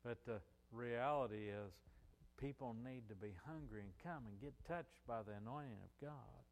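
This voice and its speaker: A man's voice: mid-range voice, normal speed, big-room sound. Older preacher man with a drawl. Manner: swells loud on key phrases, drawls softer asides. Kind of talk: sermon.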